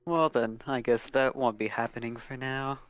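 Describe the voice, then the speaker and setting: A man's voice: mid-range voice, fairly even intonation, moderate pace, fairly bright tone. A man playing a tabletop game, hesitant and stumbling over his words. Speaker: player.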